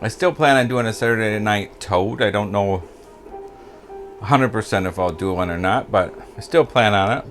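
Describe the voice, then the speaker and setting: An older American man rambles through old pub stories in an easy, casual way, chuckling as he goes. His voice is bright and clear, and soft music plays faintly in the background. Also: on the low side, moderate pace. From United States. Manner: rambling, chuckling, loses names. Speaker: vlogger. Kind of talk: casual storytelling chat.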